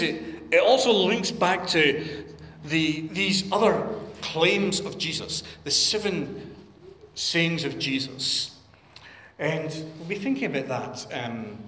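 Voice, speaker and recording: A pastor giving a sermon and reading scripture in an earnest, measured, prayerful way. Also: male voice, a little high, a bit bright. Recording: echoey hall with long reverb.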